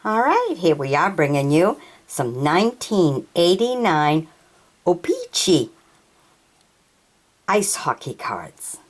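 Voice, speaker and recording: A woman with a low voice reads through her collection of trading cards one at a time, naming each player and team at a very slow, unhurried pace. Her pitch swings widely as she goes. She sounds out tricky names haltingly and sometimes stumbles over them. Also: very animated. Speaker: hockey card collector.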